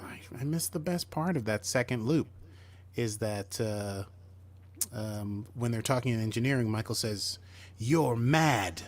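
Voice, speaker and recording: A man co-hosting a podcast, chatting casually as he retells a TV episode and acts out bits of the characters' lines. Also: mid-range voice. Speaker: podcast co-host. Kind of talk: casual chat recapping a TV episode.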